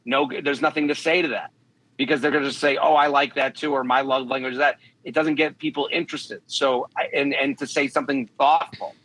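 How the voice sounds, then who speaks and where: A man's voice: mid-range voice, a bit bright, low-quality recording. A man, a comedian guest on a podcast, giving blunt, emphatic dating advice and often acting out what people might say. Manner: blunt, emphatic, quotes imagined speakers. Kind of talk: podcast chat.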